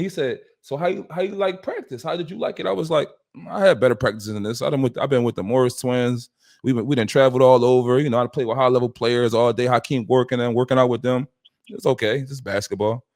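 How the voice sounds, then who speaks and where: Man telling a lively story. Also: medium pitch. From West Philadelphia. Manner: acts out quoted dialogue with shifting voices. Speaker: podcast host. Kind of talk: animated storytelling.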